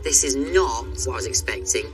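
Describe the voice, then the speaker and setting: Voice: medium pitch, expressive, a little fast. Matter-of-fact contestant. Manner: matter-of-fact, explaining the task. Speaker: reality competition contestant. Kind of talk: casual on-the-spot commentary. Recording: distant mic under music bed.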